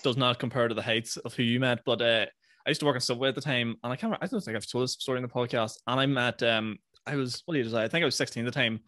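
A male podcast host who talks quickly and laughs often, with easy casual swearing. His voice sits in a middle pitch and sounds dry and close, with no room echo behind it. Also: fairly even intonation, fairly bright tone. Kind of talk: casual chat.

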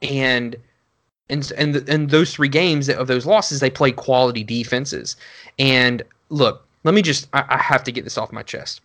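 A man co-hosting a casual sports podcast, talking in a rambling way with lots of restarts and building into animated rants. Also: medium pitch, unhurried. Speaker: podcast co-host.

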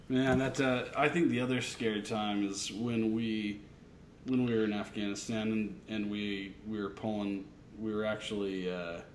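Low-ish voice guy, laughs a lot, easygoing chat about flying, bit of background hiss. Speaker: military aviation veteran. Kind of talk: casual conversation.

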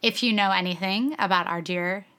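A woman's voice: medium pitch, normal speed, sharp tone. A woman co-hosting a podcast, telling stories in casual chat with many ums and some swearing. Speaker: podcast co-host.

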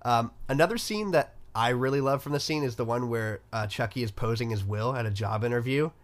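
A young man co-hosting a casual movie podcast, relaxed and slangy, saying "like" a lot. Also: mid-range voice, a little fast. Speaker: podcast co-host.

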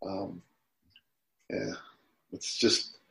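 This is a man in his sixties, a guest on a podcast interview, whose reflective talk sometimes turns emotional. He has a deep, level voice, delivered very slowly, creaky yet pushed and bright. There's a roomy echo in the audio.

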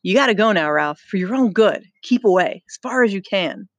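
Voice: medium pitch, lively intonation, fairly quick, no echo, lightly acted, low-quality recording. A reader voicing nervous twin boys who insistently warn a friend to run in a storybook reading. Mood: urgent. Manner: hushed, insistent warnings.

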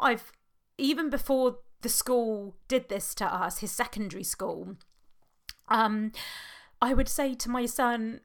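Earnest British woman hosting a podcast. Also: on the high side. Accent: British English. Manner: earnest, heartfelt, halting with fillers. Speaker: podcast host and hypnotherapist. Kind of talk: personal podcast monologue.

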